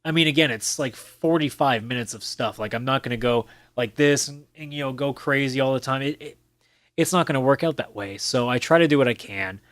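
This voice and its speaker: Brisk and slightly bright, this mid-range male voice belongs to a solo podcast host who talks casually and bluntly, curses freely, and occasionally imitates other players in a mocking tone. The sound is echo-free, captured by a camera mic sitting on a desk.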